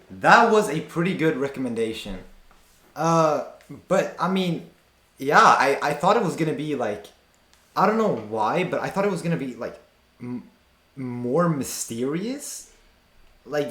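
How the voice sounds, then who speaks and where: A man's voice: on the high side, expressive, a little slow, fairly bright tone, reverberant. A man streaming a reaction video, talking casually and incredulously with lots of fillers and slang.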